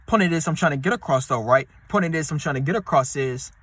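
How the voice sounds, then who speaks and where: A man giving relationship advice in a casual, slangy monologue, repeating himself and now and then putting on high voices for people he quotes. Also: expressive, fast talker, a bit bright, dry recording. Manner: slangy, repetitive, street-talk delivery. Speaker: advice vlogger.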